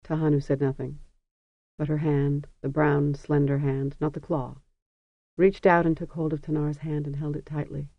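An audiobook narrator reading a fantasy story in a measured, even storytelling manner. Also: medium pitch, no room sound. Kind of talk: scripted narration. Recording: dry, dull lo-fi recording.

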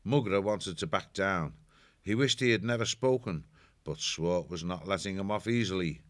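A man narrating an audiobook in a measured, steady storytelling manner. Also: low voice, dry recording, clean studio sound. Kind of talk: audiobook reading.

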